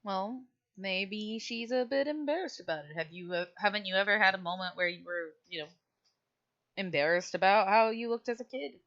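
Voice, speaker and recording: A woman's voice: mid-range voice, moderate pace, a bit bright. Woman running the game, playful, dull lo-fi mic sound. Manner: playful, laughing. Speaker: game master. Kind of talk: tabletop role-play narration. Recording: muffled lo-fi mic.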